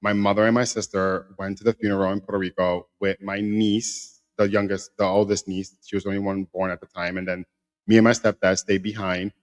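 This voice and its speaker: A man with a fairly low voice tells a personal story on a podcast. He is animated and emphatic, and he repeats phrases to drive his point home. The talk is casual and conversational. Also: fairly quick. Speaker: podcast co-host.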